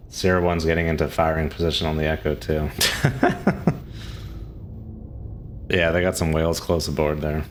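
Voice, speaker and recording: A man's voice: extremely low pitch, moderate pace, pauses often, slight background noise. A man streaming a game, chatting casually and answering chat questions, with frequent chuckles. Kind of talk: casual live-stream commentary.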